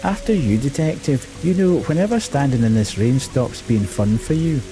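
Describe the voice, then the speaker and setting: A man's voice: fairly high pitch, big pitch swings, moderate pace, music in the background, pitched above the performer's own voice, rough recording. A man voicing a sassy male police officer in a game, with an Irish accent and a teasing manner.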